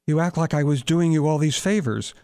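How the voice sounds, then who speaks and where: A man's voice: brisk, a little mellow, clear, resonant tone, dry recording, studio quality, lightly acted. A man reading as an anguished, pleading German man. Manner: pleading, raised in pitch.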